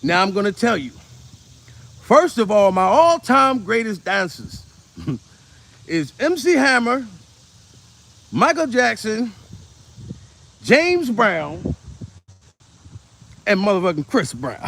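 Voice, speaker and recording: A comedian in his forties rants casually to camera in a high, gravelly voice. He rambles, swears freely and breaks into laughter often. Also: very animated, slow pace, long pauses, fairly bright tone, slight background noise. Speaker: comedian vlogger.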